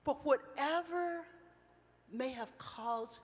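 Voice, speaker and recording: A middle-aged woman preaching at a women's retreat, telling personal stories with passion, swinging between loud outcries and soft reflective lines. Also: high voice, slow. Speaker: retreat speaker. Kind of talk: emotional sermon with personal storytelling. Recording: long reverb of a large hall.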